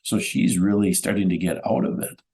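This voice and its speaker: A man's voice: low-pitched, steady tone, moderate pace, dark tone, rough recording. A middle-aged man speaking as a guest in a radio interview, giving a methodical, earnest account that lists times and doses. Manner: earnest, insistent. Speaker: guest, bereaved father.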